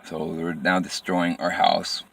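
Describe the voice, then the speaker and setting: Man, very low voice, personal storytelling, halting, repetitive phrasing. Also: little pitch movement, vocal fry, fairly bright tone.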